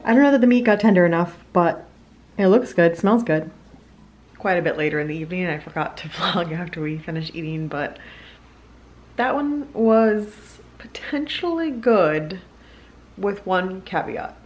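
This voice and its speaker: A woman's voice: lowish voice, moderate pace, a little mellow, muffled recording. Chatty young woman vlogging at home. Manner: chatty and upbeat, with bad jokes and laughs. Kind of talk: casual home vlog. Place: home kitchen.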